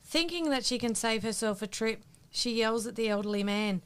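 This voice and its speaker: A woman co-hosting a podcast, reading out jokes in a brisk, matter-of-fact way. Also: fairly high pitch, clean tone. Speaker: co-host telling jokes.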